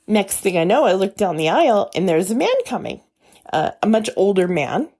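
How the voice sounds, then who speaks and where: Woman telling her own scary story, emotional, acts out her old lines, mid-pitched voice. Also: big pitch swings, moderate pace, a little mellow. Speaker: guest storyteller. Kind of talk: first-person retelling.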